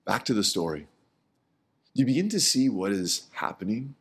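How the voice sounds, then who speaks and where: In a husky voice, a middle-aged pastor gives a conversational sermon, often saying words twice and sinking low and soft on the key terms.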